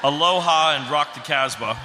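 A man's voice: on the high side, moderate pace. A man, a guest actor in a live stage interview, talking with dry, sarcastic ribbing. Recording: noisy live theater.

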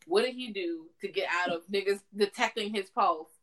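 A young woman co-hosting a podcast, talking casually with animated, profane, emphatic storytelling. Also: mid-range voice, normal speed, poor audio. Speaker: podcast co-host. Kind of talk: casual chat.

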